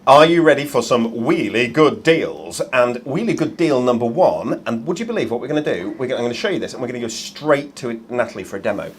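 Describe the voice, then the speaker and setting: Lively chatty man presenting. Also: mid-range voice, quick pace, few pauses. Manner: chatty, jokey, many ums. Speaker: shopping show host. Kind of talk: live shopping chat.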